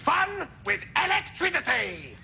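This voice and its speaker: An actor playing a boastful, bossy stunt showman in a live comedy sketch, shouting to the audience like a ringmaster. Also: extremely high pitch, huge pitch swings, measured pace, gravelly, exaggerated voice. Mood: grandiose. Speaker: comic stunt presenter. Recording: dull lo-fi 1980s TV broadcast with hiss.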